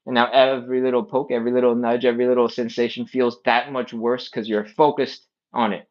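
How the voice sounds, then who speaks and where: Talking a little fast in a flat, medium-pitched voice, a man leads a live stretching class and keeps drifting into tangents. The audio comes across as dull.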